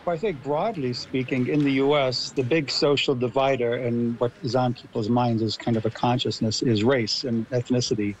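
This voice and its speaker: A man's voice: mid-range voice, steady tone, moderate pace, few pauses, slight background noise, poor audio. A man from Los Angeles with an American accent, explaining his views as a guest on a radio discussion. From Los Angeles, USA. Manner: articulate, explanatory. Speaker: guest expert.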